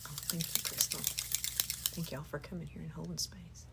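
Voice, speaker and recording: A woman leading a spiritual healing session, moving between hushed whispering and lively chat. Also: low voice, moderate pace, creaky, very noisy. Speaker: Reiki healer.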